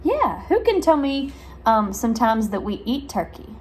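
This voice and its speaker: Slow, sing-song woman speech therapist. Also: big pitch swings, slight background noise. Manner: slow, sing-song, with big exaggerated pitch jumps for praise; overarticulates sounds for young listeners. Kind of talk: reading a picture book aloud and quizzing children.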